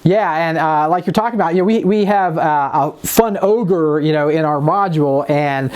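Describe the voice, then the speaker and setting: A man's voice: a little high, moderate pace, darkish tone, clear, resonant tone. A man co-hosting a casual chat about running tabletop games, eager and conversational, with many fillers. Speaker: co-host giving game master tips.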